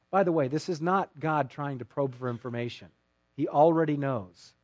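A man preaching a sermon as pastor, sarcastic and animated, acting out mock quotes from people he disagrees with. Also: a little high, normal speed, no room sound.

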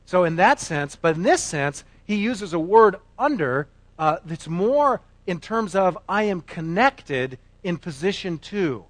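A man preaching a sermon, emphatic, moving between loud declarations and quiet asides. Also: sits high, lively intonation, measured pace, no room sound. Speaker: pastor.

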